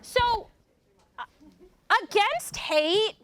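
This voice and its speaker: A woman's voice: extremely high pitch, animated, drawn-out words, fairly bright tone. A woman giving a live workshop talk in an indoor meeting room, speaking into a handheld mic with a wry, joking delivery.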